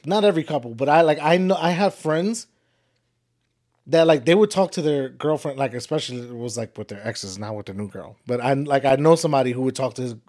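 A man co-hosts a casual podcast with his partner, laughing often and talking in loose slang. His mid-range voice is a little mellow, fairly quick, and lively in intonation.

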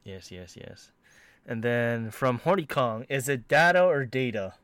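A man with a smooth, resonant voice reads out listener questions in a casual podcast chat. He sounds playful and laughs often, recorded close and dry with no room sound. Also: medium pitch, expressive, a little slow, no room sound. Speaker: podcast co-host reading listener messages.

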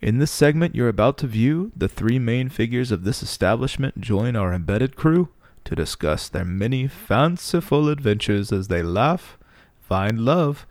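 A man's voice: on the low side, no room sound, voice pushed down. A man voicing a pompous male documentary host who opens the show in a formal, announcer-like way.

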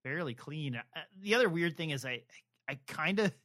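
A man co-hosting a podcast, talking casually and haltingly with many fillers and restarts. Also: fairly high pitch, animated, bright, forceful tone. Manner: rambling, hesitant, lots of fillers and restarts. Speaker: podcast co-host. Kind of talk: casual chat about a TV adaptation.

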